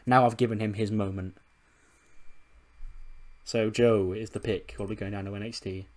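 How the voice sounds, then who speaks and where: A man and gaming channel host, casually narrating a game recap with animated storytelling and frequent laughter. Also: on the low side, normal speed. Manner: animated storytelling, acting out characters, laughing often.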